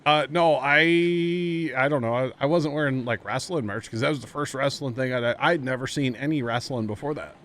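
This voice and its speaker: A man in his thirties, a streamer chatting casually and telling rambling, animated stories full of fillers. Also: medium pitch, normal speed, few pauses. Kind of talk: casual chat while streaming a game. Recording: background noise.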